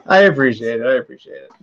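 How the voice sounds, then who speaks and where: A man hosting a casual livestream, chatty and relaxed, laughing often. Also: on the high side. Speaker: livestream host. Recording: dull lo-fi stream audio.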